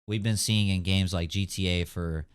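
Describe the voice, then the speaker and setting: A man's voice: sits low, fairly even intonation, moderate pace, smooth. A young man hosting a casual gaming podcast, rambling with lots of fillers and hedges. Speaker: podcast host. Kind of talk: casual chat.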